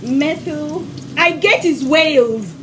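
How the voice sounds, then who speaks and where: Chatty high-voiced woman hosting a cooking stream. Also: slow, fairly bright tone, recorded from a distance, a little hiss or hum, low-quality recording. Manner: chatty and affectionate, calls viewers sweetheart. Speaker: cooking show host. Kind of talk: live-stream cooking demo, reading viewer comments. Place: home kitchen.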